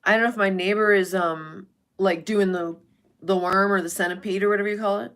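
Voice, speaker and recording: Her voice is mid-range, a bit bright and a little fast, with fairly even intonation. She's a woman running a casual livestream, chatting bluntly with live viewers, swearing without restraint and reading their names aloud.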